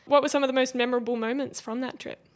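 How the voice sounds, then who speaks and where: A woman's voice: high voice, fairly even intonation, fast talker. A woman interviewer asking questions attentively and agreeing with short murmurs.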